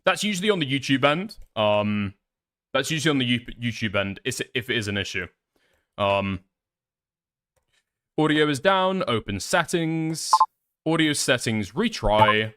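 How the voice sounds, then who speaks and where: A man's voice: medium pitch, sing-song, a little slow, long pauses, a bit bright. A man livestreaming, swearing a lot and talking to his chat while troubleshooting. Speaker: streamer.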